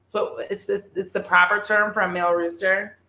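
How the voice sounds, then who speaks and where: A woman's voice: mid-range voice, little pitch movement, brisk, bright, forceful tone, reverberant. A woman chatting on a casual livestream, rambling and giggling with lots of fillers. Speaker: streamer.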